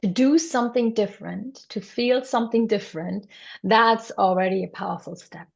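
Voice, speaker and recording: A woman's voice: mid-range voice, moderate pace, creaky. A woman hosting a podcast interview, often affirming her guest and asking questions. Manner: affirming, frequent agreement sounds. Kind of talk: interview conversation. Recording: dull lo-fi sound.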